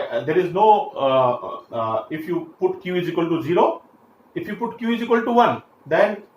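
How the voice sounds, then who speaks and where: A man teaching a classroom lecture, explaining step by step with frequent fillers and restarts. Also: a little high. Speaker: engineering lecturer. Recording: echoey room, faint background hiss.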